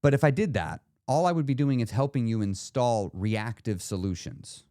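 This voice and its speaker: A man's voice: medium pitch, normal speed, dark tone, dry recording, clean studio sound. A man in his forties hosting a solo podcast as a weight-loss coach, explaining ideas to the listener in a conversational way.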